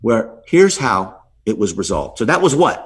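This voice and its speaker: Husky-voiced man telling a lively story. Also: moderate pace. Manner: lively storyteller, swings his pitch for emphasis, checks in with "right?". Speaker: podcast guest. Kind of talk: storytelling in a podcast interview.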